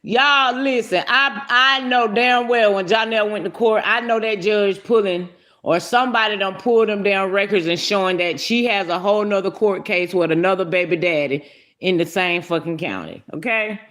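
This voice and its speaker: A woman's voice: medium pitch, moderate pace, a bit bright. A woman hosting a casual livestream, greeting viewers by name and giving brash, profane commentary with lots of laughter.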